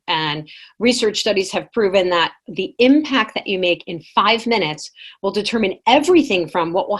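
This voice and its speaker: A woman speaking into a computer mic on a video call, leading a live workshop. She is lively and engaging, with a mid-range pitch, and reads out the chat answers as they come in. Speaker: workshop presenter. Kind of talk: online workshop lecture.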